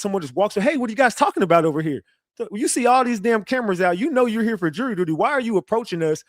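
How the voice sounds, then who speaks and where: A man on a livestream rants loosely at his chat. He stays defensive and boastful, swearing freely and restarting sentences. His voice sits a little high and sounds dry, as if he is right on a close mic. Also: no echo. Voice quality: profane, animated, repetitive restarts. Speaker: livestream commentator. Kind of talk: casual livestream rant.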